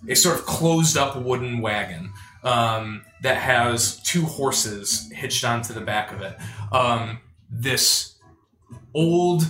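A man running a tabletop game as game master, narrating with many hesitant pauses. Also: medium pitch, a bit bright. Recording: echoey room.

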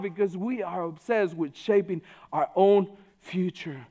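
A man giving a conversational sermon, informal and full of "you know", swinging between loud stretches and hushed ones. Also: high-pitched, unhurried, few pauses. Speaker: preacher.

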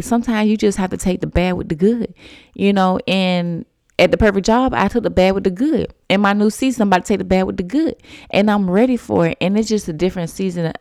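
A woman's voice: lowish voice, a little mellow, clean tone, no echo, clean studio sound. A woman, rambling casually as a solo podcast host and saying "y'all" a lot. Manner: chatty, rambling, uses "y'all" and "you know"; eating and sipping tea while talking.

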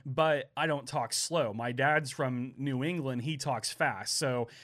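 A man from Oklahoma with a light Southern accent, co-hosting a casual podcast and rambling quickly with many fillers. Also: medium pitch, a bit bright. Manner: rambling, fast, lots of fillers. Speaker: podcast co-host.

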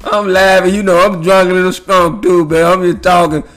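A man's voice: high voice, level tone, brisk, fairly bright tone. A man telling a rambling, profane story in a casual monologue, laughing often and leaning on fillers.

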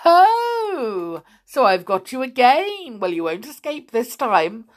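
A woman's voice: sing-song, slow. A woman doing a gloating old bearded wizard. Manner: booming, gloating.

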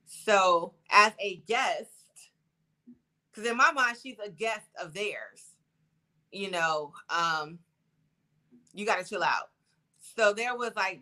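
A woman co-hosting a casual chat podcast, relaxed and talkative with lots of fillers. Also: medium pitch, slow pace, pauses often. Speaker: podcast co-host.

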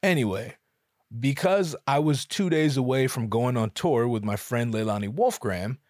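A man's voice: medium pitch, expressive, moderate pace, a little mellow, no room sound, clean studio sound. A man, a musician and photographer, telling a comic story in a rambling, profane, self-mocking way. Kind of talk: comedic storytelling.

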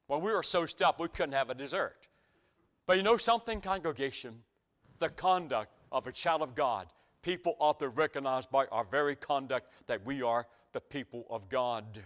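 A man's voice: mid-range voice, moderate pace, fairly bright tone. A middle-aged man, preaching a sermon with folksy stories that climb to emphatic peaks.

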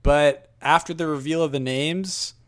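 A man's voice: fairly high pitch, fairly even intonation, a little slow, fairly bright tone. Man critiquing a film, easygoing. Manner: thoughtful, uses many "like" fillers. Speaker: podcast co-host. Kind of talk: casual movie review chat.

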